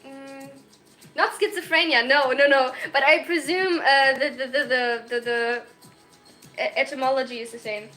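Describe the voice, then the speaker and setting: A woman in her twenties from Germany, chatting casually on a livestream over her phone, excitable and giggly with rambling self-mocking jokes. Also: sits high, normal speed, soft background music. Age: 20s. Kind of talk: casual chat.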